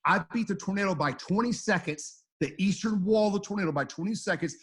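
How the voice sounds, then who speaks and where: A man's voice: high-pitched, a little fast, a bit bright, slightly rough. A middle-aged man from the United States, a storm chaser telling his stories as an interview guest, rambling and repeating words as he acts out quotes. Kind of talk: animated storytelling.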